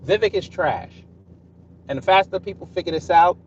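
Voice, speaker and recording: A man's voice: sits high, normal speed, a little mellow, far from the mic, muffled recording, a little hiss or hum. A man hosting a casual live stream, talking straight to his chat in a combative, sarcastic way. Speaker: livestream host.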